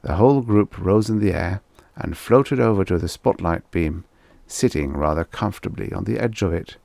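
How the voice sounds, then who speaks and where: A man with a croaky, wheezy voice narrating a vintage short story in measured storytelling. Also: low-pitched, darkish tone, no echo. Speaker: audiobook narrator.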